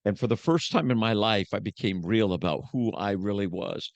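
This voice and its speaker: A man's voice: on the low side, moderate pace, vocal fry, no echo, dull audio. Preacher-like man telling his story. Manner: preacher-like, swinging from hushed to emphatic. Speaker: podcast guest, motivational speaker. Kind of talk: emotional personal testimony.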